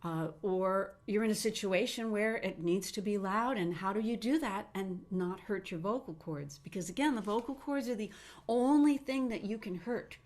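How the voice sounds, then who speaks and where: Animated woman voice teacher. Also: mid-range voice, moderate pace. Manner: animated, demonstrates sounds with her own voice. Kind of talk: webinar teaching.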